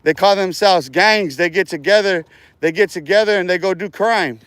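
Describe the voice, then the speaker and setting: A man's voice: sits high, moderate pace, fairly bright tone, clean tone, no room sound. A man hosting his own livestream, rambling and taunting his viewers in a profane rant, often breaking into laughter. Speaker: livestream host.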